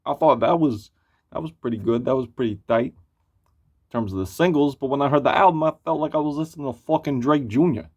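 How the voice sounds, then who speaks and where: A man's voice: mid-range voice, brisk, darkish tone. A man giving a casual spoken album review, blunt and profane, rambling with lots of fillers. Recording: muffled lo-fi recording.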